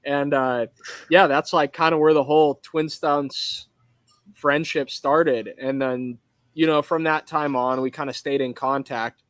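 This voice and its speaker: A man from Arizona with a relaxed, rambling way of talking full of fillers, a guest in a casual podcast interview from his welding shop over a video call. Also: fairly high pitch, a little slow, no echo. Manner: laid-back, rambling, filler-heavy talk.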